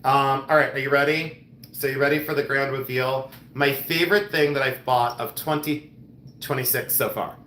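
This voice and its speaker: A man's voice: medium pitch, fairly even intonation, normal speed, fairly bright tone, roomy sound, a little hiss or hum. A man hosting a live-stream jewelry sale, chatting casually and joking and teasing.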